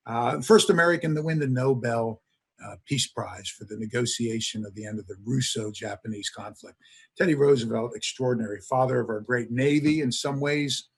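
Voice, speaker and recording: A man's voice: mid-range voice, normal speed, slightly rough. A man, a history professor, lecturing to an audience with enthusiastic storytelling and frequent filler sounds.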